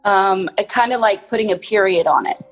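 A woman's voice: medium pitch, fairly quick, soft background music. An American woman as a podcast guest on a phone call, easygoing, guessing aloud, and laughing often. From United States. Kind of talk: casual chat.

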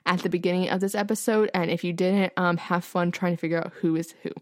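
A woman's voice: on the low side, steady tone, fast, a little mellow, no room sound, clean studio sound. Chatty young woman podcast co-host. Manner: chatty, laughs often, fillers like um and like. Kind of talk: casual podcast chat.

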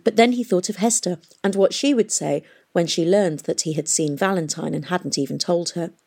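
A woman narrating a novel in a steady, expressive reading voice. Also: fairly low pitch, moderate pace, vocal fry, breathy edge. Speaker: audiobook narrator. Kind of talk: storybook narration.

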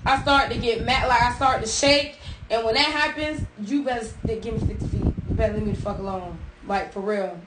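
Blunt high-voiced woman in an echoey room. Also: steady tone, a little fast. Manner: blunt, profane, preachy. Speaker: podcast co-host. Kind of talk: casual podcast chat. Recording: echoey room with clear noise.

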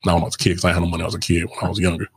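Low-voiced man in laid-back chat. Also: monotone, racing, vocal fry, breathy edge. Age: adult with kids. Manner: laughing, rambling and frank with slang. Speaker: podcast co-host. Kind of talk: casual chat.

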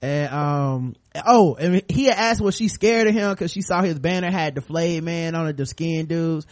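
Animated man recapping a TV episode. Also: a little high, normal speed, dry recording. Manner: animated storyteller acting out scenes in quoted voices. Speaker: podcast co-host. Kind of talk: casual chat recapping a TV episode.

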